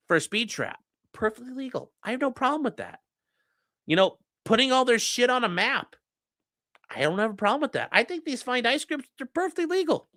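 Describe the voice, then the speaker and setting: A streamer giving casual legal commentary and reading chat, blunt, profane and mocking, swinging between loud outbursts and low muttering. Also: animated, brisk, dry recording, studio quality.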